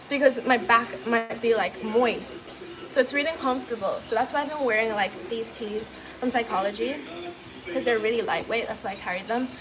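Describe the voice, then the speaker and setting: A woman's voice: a little high, background noise. A woman chatting casually on a livestream, reading viewer messages, giggling often and leaning on fillers.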